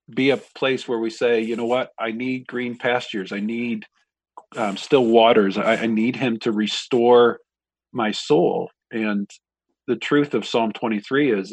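A man, a pastor, talking through a Bible passage in a reflective, measured way with frequent pauses. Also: mid-range voice, slightly rough, dry recording. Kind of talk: conversational Bible discussion.

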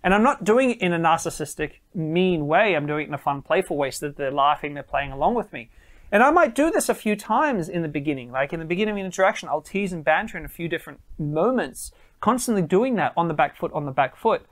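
A man's voice: fairly high pitch, expressive, quick pace, fairly bright tone. A man giving dating advice straight to camera, emphatic and repeating phrases for stress. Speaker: dating coach.

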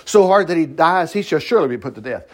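Animated folksy preacher. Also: male voice, on the high side, a little hiss or hum. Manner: folksy, animated, quick to laugh and digress. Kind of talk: informal Bible teaching.

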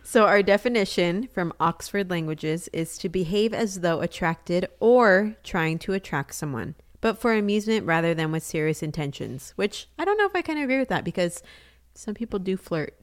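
A woman in her thirties co-hosts a casual podcast, her voice pitched a little low. Her tone is smooth and clear. She tells stories candidly, with easy, chatty fillers. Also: expressive, moderate pace. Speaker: podcast co-host. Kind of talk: casual chat.

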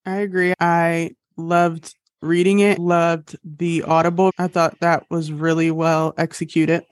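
A woman's voice: fairly low pitch, little pitch movement, a little slow, dry recording, studio quality. A young woman hosting a podcast in casual chat, bubbly and laughing at her own jokes. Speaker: podcast host.

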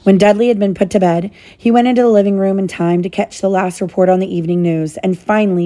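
Mellow-voiced mom reading a storybook aloud. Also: female voice, mid-range voice, steady tone. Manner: gentle, pauses to explain to her child. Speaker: mother reading to her child.

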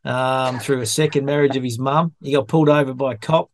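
A man's voice: mid-range voice, fairly even intonation, fairly quick. An Australian man hosting a casual sports podcast, chatty and fond of telling yarns. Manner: chatty, storytelling, calls people mate. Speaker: podcast host.

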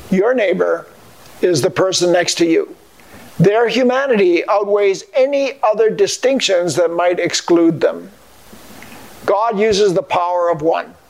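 An older man delivering a scripted devotional message in an earnest, measured way. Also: high voice, gravelly. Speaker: Christian speaker.

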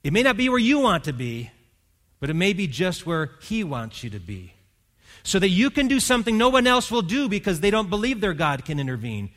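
A man preaching a sermon as pastor, telling a Bible story and voicing its characters, rising to loud emphasis. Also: high-pitched, big pitch swings, a little fast.

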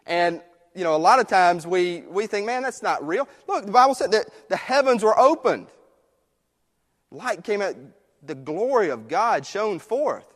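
A man preaching a sermon in a conversational way, moving between quiet, hushed passages and emphatic ones. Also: high-pitched. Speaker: pastor. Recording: long reverb of a church hall.

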